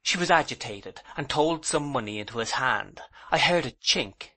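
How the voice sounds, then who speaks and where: A man narrating a classic novel as an audiobook in a measured, plain storytelling manner. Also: mid-range voice, lively intonation, bright, forceful tone. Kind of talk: scripted narration.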